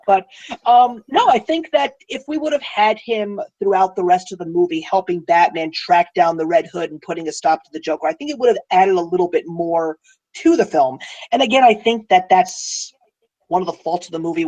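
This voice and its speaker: A man co-hosting a film podcast, talking casually and excitedly, sometimes drifting away from his microphone. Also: sits high, low-quality recording. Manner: excitable, drifts off the mic when enthused. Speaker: podcast co-host.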